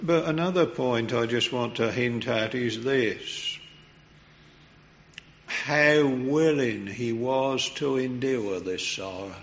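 A man delivers a sermon slowly and without hurry, his tone reverent and earnest. His voice has a middling pitch, and the recording is muffled and lo-fi.

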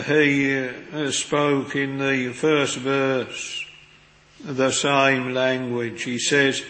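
A man delivers a sermon at a very unhurried pace, in a plain mid-range voice. His earnest, old-fashioned preaching is full of scripture quotations. The sound is roomy, with a long reverb trailing through a chapel. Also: medium pitch, sharp tone. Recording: echoey hall with long reverb.

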